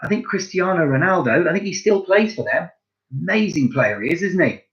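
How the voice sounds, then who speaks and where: High-pitched and fairly quick, this male primary French teacher runs a home-learning lesson for little kids. He talks straight to his pupils, cheers them on warmly, and keeps the energy up, all over somewhat dull audio.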